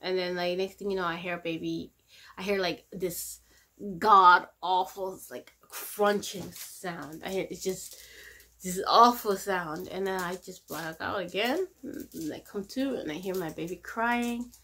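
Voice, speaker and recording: A young woman vlogging at home, telling a personal story in a rambling, halting way with lots of fillers and restarts. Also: on the low side, sharp tone. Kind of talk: casual storytelling to camera.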